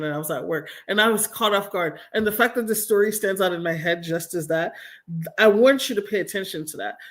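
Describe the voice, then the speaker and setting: A woman in her forties talks casually on a livestream from home. She is blunt, profane and emphatic, and her voice sits at an ordinary middle pitch. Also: a bit bright. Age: 40s. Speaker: streamer host.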